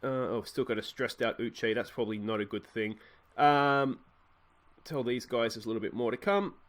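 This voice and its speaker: An Australian man giving chatty let's-play commentary on a football management game, muttering asides and bursting with excitement at goals. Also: medium pitch. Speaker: gaming YouTuber.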